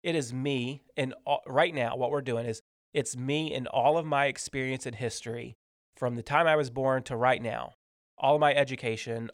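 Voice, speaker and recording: A man's voice: mid-range voice, no echo, studio quality. A man co-hosting a casual business chat, explaining his ideas at length with examples.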